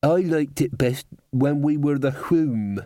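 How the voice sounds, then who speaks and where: A man's voice: fairly high pitch, takes it slowly, mellow, no echo, clean studio sound, voice pushed up. A man doing an eager young band member.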